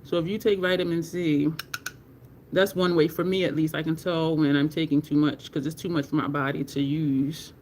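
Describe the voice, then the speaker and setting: A woman's voice: deep voice, steady tone, moderate pace, a little mellow, slight background noise. A teary woman, chatting candidly on a makeup livestream, swearing casually and thanking viewers in chat. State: teary, near crying.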